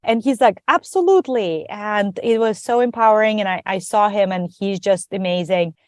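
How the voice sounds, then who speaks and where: A woman guest on a podcast, telling her story in a lively, conversational way and acting out the voices of others. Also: mid-range voice, moderate pace, no echo, studio quality. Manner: animated, acts out quoted dialogue.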